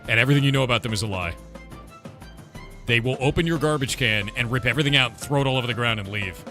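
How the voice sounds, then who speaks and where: A man's voice: medium pitch, fast talker, bright, forceful tone, soft background music. A man casually chatting with his livestream audience, rambling and blunt, swearing now and then. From United States. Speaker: streamer and game developer.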